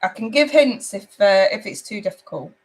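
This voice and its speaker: Hosting a tarot livestream, a woman from the United Kingdom chats warmly with her audience, reading their comments aloud and calling them sweetheart and babe. She speaks at normal speed in an animated, medium-pitched voice.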